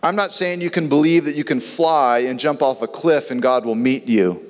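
A man's voice: mid-range voice, normal speed. A man preaching a sermon in an earnest way, sometimes acting out biblical dialogue in voices. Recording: long reverb.

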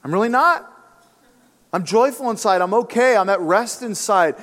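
A pastor preaching a sermon in a conversational, emphatic style with casual asides. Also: male voice, sits high, expressive, normal speed, a bit bright. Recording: long reverb of a church hall.

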